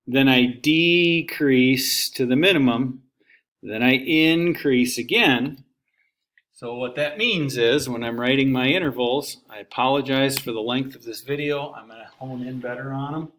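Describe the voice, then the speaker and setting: Laid-back guy teaching calc, slow and folksy, talks thru every calculator step. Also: medium pitch. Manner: relaxed, folksy classroom explaining; talks through each calculator step aloud. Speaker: math teacher. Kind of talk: calculus lesson walkthrough.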